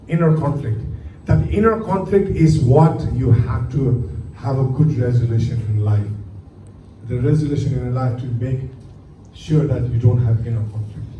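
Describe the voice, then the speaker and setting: A man giving an aviation lecture to a class, lively and full of rhetorical questions. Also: medium pitch. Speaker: aviation instructor. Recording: echoey room from far off, faint hum.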